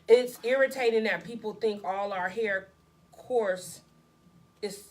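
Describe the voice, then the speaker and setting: A woman's voice: mid-range voice, slow, darkish tone, slight background noise. A woman co-hosting a casual chat, reading viewer comments aloud and asking eager questions.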